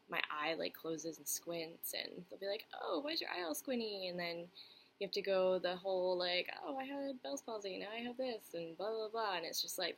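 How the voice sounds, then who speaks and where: A woman's voice: lowish voice, gravelly, bright, forceful tone, slight background noise, low-quality recording. A young woman chatting candidly to camera, answering viewer questions with lots of fillers and restarts. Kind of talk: casual chat to camera.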